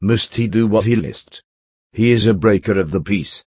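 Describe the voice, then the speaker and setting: A man giving a steady, measured narrated reading of an old text, reading out the speaker tags. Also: lowish voice, slightly rough, no room sound, studio quality. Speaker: audiobook reader.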